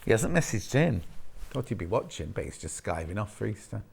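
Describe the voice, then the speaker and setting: A man's voice: fairly low pitch, very animated, fairly quick, creaky, a little mellow, breathy edge. A man presenting fabrics on a live home-shopping show, chatting and rambling between asides as he reads out prices. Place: TV studio.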